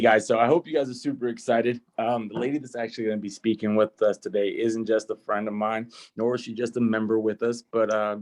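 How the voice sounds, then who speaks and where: Young man on a team video call, low voice, warm and grateful, a bit halting. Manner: warm and grateful, with frequent fillers. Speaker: team member introducing the guest. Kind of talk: casual introduction on a team call.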